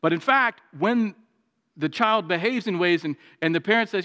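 A man preaching a sermon, moving between raised, emphatic passages and quiet, confiding stretches. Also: normal speed. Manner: preaching with swings from raised intensity to quiet, low confiding tones. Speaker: pastor. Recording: long hall reverb.

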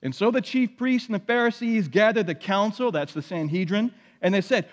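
A man's voice: high voice, expressive, a little fast, hardly any pauses. A man preaching a sermon as pastor, reading scripture aloud with dramatic emphasis. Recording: long hall reverb.

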